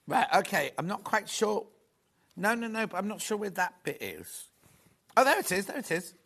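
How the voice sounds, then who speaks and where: A man presenting a live shopping show in a studio, chatty and rambling with quick asides. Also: high voice, lively intonation, vocal fry, a bit bright. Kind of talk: live selling chat.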